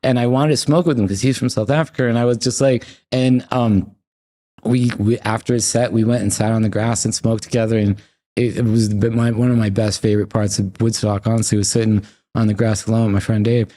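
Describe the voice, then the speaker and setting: Animated, profane man telling stories. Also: lowish voice, brisk. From United States. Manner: animated, profane, acts out quotes. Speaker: podcast guest. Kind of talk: casual storytelling.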